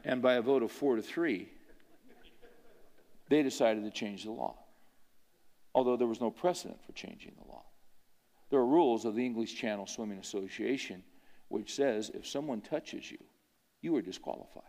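A man's voice: medium pitch, normal speed, long pauses, dark tone. A man preaching a sermon, telling a story in a conversational way and asking his listeners rhetorical questions. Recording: long hall reverb.

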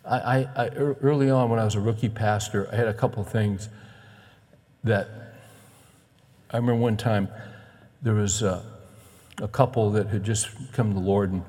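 A middle-aged male pastor preaching a sermon in an animated way, acting out the voices he quotes. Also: fairly low pitch, normal speed, long pauses. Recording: long reverb of a large hall.

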